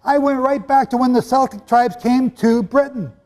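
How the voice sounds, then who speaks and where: A man preaching a sermon in a hall with an audience, animated and conversational, with asides to his listeners. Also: very high-pitched, moderate pace. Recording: long hall reverb.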